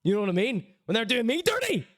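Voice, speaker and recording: A man's voice: extremely high pitch, fast, background noise. A man with a Northern Irish accent hosting a show in casual chat, telling stories animatedly and slipping into other people's voices. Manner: animated storytelling with put-on voices. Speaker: show host.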